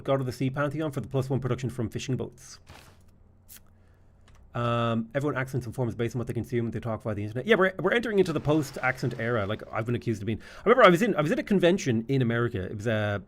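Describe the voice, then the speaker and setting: A man with an Irish accent giving live gameplay commentary and trading jokey banter with his chat. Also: mid-range voice. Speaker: streamer.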